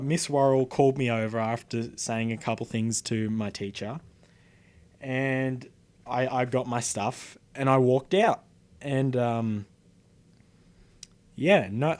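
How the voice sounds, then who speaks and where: Indignant Australian teenage boy ranting. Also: mid-range voice. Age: teens. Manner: indignant, rambling, lots of fillers and swearing. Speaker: vlogger. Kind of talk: casual storytelling to camera.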